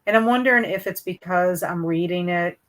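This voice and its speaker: A booktube host reads her live chat aloud during a casual book livestream, chatting as she goes through viewer comments. Her voice runs on the low side and fairly quick, and her manner is chatty and hesitant, packed with fillers and restarts.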